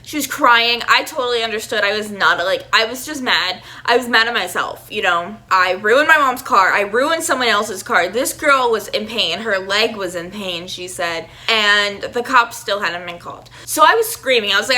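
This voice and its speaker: A young woman telling a storytime vlog in a chatty, animated way, full of "like" fillers. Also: mid-range voice, normal speed. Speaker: vlogger.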